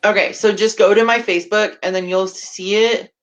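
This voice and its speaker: A man's voice: sits high, fairly even intonation, moderate pace, fairly bright tone, slight background noise, rough recording. A man hosting a casual live-streamed talk show, hesitant and rambling, with lots of fillers and the odd swear word.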